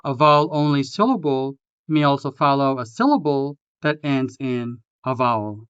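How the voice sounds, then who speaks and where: A language tutor delivers a scripted pronunciation lesson, speaking slowly and deliberately as he enunciates example words syllable by syllable. His medium-pitched voice is smooth and resonant. The voice-over is close, dry and slightly dull, with a lo-fi, muffled quality and no room sound.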